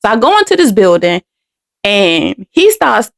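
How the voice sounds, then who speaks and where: A woman's voice: medium pitch, very animated, unhurried, creaky. A middle-aged woman from Washington DC hosting a podcast, telling a personal story candidly and with emotion, often restarting and repeating words. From Washington DC, United States. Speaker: podcast host.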